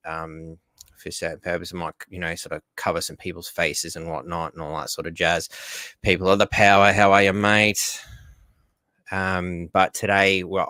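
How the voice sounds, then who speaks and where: A deep, smooth-voiced Australian man hosting a casual livestream, rambling along and greeting viewers by name. He sounds a little groggy from painkillers, and the recording is close and dry. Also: pushed and bright, no room sound. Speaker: livestream host.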